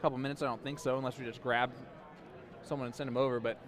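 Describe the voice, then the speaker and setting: A man commentating live darts, playful and teasing, with quick, chatty banter. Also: medium pitch, steady tone. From USA.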